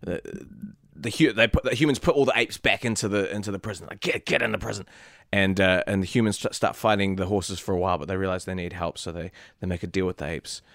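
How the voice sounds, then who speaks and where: A young man co-hosting a comedy podcast, recapping a film with deadpan jokes and silly put-on voices, laughing often. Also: deep voice, fast, no echo, clean studio sound. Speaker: podcast co-host. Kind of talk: comedic movie recap with improvised character voices.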